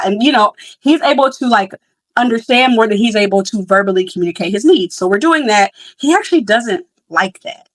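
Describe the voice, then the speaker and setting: A young woman in casual conversation, full of fillers and quick restarts as she reflects openly. Her voice sits in a middle register and comes across dry and close, with no room sound around it. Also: mid-range voice, animated, no room sound, low-quality recording. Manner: chatty, many fillers and restarts; candid and reflective. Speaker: podcast host. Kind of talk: casual storytelling.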